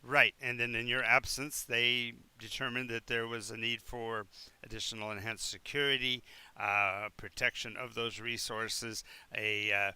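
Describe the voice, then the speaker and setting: A man voicing an evasive, smooth-talking male town official who rambles with falsely cheerful fillers in a tabletop game. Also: medium pitch, little pitch movement, a little slow, sharp tone.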